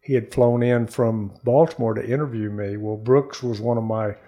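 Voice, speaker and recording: An older man, a former pro baseball player, telling lively stories as a studio interview guest and acting out the quotes. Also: medium pitch, moderate pace. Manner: lively storyteller, acts out quotes. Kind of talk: animated storytelling in conversation.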